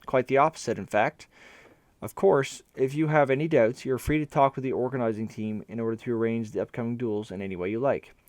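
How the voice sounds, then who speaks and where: A man voicing a calm, courteous male official in a storybook reading. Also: medium pitch, brisk, no room sound, natural voice. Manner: smooth, courteous.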